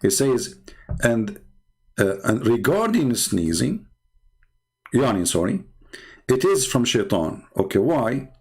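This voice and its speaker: A man's voice: mid-range voice, very animated, slow pace, long pauses, darkish tone, husky. A man hosting a live online debate stream, sarcastic and mocking, speaking English with non-native grammar. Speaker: livestream host.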